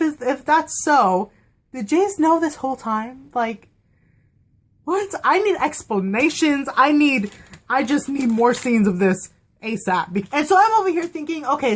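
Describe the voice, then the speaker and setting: Excitable young woman gushing about a show. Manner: excitable, gushing, with big emotional swings in pitch. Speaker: TV show reviewer. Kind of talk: casual fan review chat. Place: at home.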